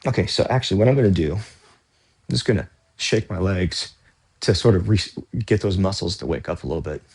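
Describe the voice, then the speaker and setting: Husky-voiced man, a bit low, winded from exercise, rambling vlog talk. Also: expressive, fairly quick, darkish tone. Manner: rambling, self-correcting, breathy exclamations. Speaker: vlogger doing stretching exercises. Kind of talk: casual talk while exercising.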